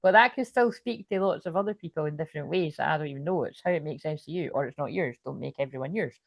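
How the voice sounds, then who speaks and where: A woman with a fairly low voice gives a live tarot reading, talking in a loose, rambling flow. She swears freely and keeps checking in with "you know what I mean." The sound is close and dry. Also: fast talker, creaky, no echo. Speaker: tarot reader.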